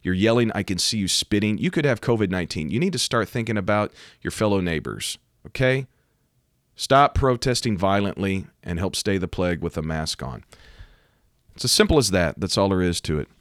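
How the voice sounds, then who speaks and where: An American man, a preacher, talking emphatically about faith and current events and rising to loud, animated outbursts. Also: sits low, normal speed, dry recording, studio quality. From United States. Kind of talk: preaching commentary to camera.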